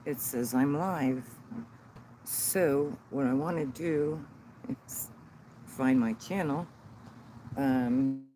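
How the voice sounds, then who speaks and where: A man hosting a casual livestream outdoors on his phone, rambling and halting as he fumbles with the settings. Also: mid-range voice, mellow, rough recording. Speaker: channel host on sobriety. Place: outdoors in a sunny yard. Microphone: phone held by the speaker. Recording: outdoor phone stream with road noise.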